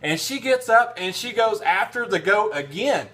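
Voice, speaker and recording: A man's voice: high voice, animated, moderate pace, a bit bright. A man telling a casual, rambling anecdote in a vlog, full of restarts and fillers. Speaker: vlogger. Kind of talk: casual storytelling.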